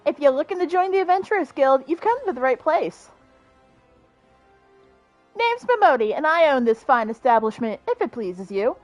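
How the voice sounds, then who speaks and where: A woman's voice: high-pitched, big pitch swings, moderate pace, no room sound, soft background music, pitched above the performer's own voice. A woman voicing a welcoming female innkeeper in a game, with a genial, lilting manner. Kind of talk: voicing game dialogue aloud.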